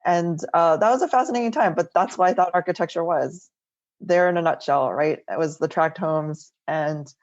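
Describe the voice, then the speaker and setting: A woman's voice: fairly low pitch, moderate pace, highs cut off. A middle-aged woman architect telling stories from her life in a casual interview, often tagging sentences with "like" and "right?". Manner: chatty, many "like" and "right?" tags. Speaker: architect guest. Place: home, remote interview.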